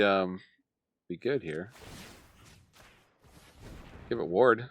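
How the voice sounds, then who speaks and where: A man's voice: fairly low pitch, extremely slow, long pauses, fairly bright tone. A man giving casual play-by-play commentary on a card game, muttering, sighing and laughing at the plays. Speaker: gameplay commentator.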